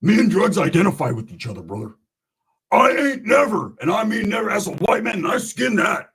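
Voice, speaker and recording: A man voicing a boastful toothless ex-con who preaches loudly and keeps calling people brother. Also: high-pitched, big pitch swings, a little fast, vocal fry, slightly rough, voice pushed up, heavily acted. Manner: preachy, swaggering, calls everyone brother.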